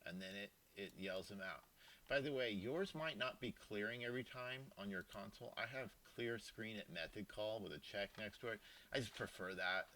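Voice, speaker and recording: A man's voice: on the low side, fairly bright tone, slight background noise. A man giving a casual screen-recorded programming lesson, thinking aloud with informal asides and restarts. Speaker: programming teacher. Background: keyboard typing and clicks.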